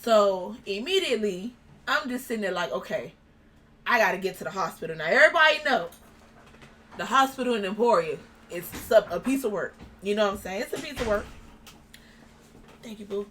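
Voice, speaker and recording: Young woman, interview guest, casual storytelling, acts out dialogue, mid-pitched voice, faint background noise. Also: fairly quick, long pauses. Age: young adult. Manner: animated, acts out quoted dialogue.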